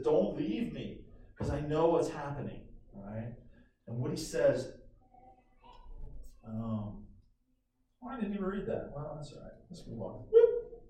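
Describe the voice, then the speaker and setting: A man preaching a sermon to his congregation in an animated, conversational way, calling for amens. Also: mid-range voice, slight background noise. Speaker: pastor. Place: church sanctuary. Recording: echoey room from a distance.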